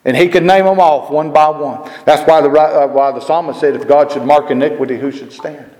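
A man's voice: a little high, fairly even intonation, brisk, darkish tone, roomy sound, long reverb tail. A man preaching a sermon, emphatic, firing rhetorical questions and repeating his phrases.

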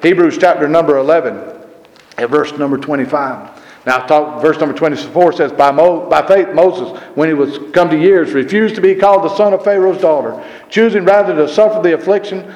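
A man preaching a sermon. He rises and gets louder on scripture and repeats verse references as he goes. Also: on the high side, muffled recording. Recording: roomy hall echo.

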